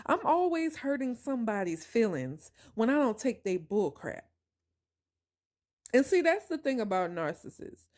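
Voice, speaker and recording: A woman's voice: a little high, measured pace. Emphatic woman telling a personal story. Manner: emphatic, animated, addresses listeners directly. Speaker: podcast host.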